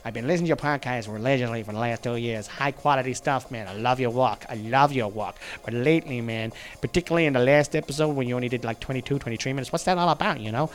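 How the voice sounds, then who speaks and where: A man voicing a pestering male fan with a put-on American accent, quiet and chummy while he complains. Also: mid-range voice, fast talker, few pauses, close to an everyday voice. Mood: whiny, chummy.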